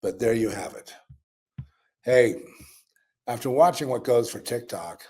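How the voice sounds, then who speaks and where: A man's voice: medium pitch, expressive, a little slow, mellow. A man hosting a podcast in casual commentary, rambling with fillers and restarts, sardonic and grumbling, tired and yawning. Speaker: podcast host.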